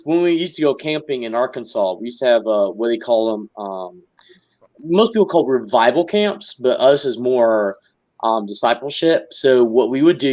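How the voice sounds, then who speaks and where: A man's voice: mid-range voice, darkish tone, dull audio. A man hosting a livestream, casually telling a rambling camping story in a polite, easygoing way.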